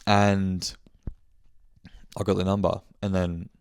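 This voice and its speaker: A man's voice: low-pitched, level tone, slow pace, smooth, no echo. A young man telling a rambling story on his podcast, swearing and correcting himself as he goes. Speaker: podcast host. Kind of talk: casual monthly check-in chat.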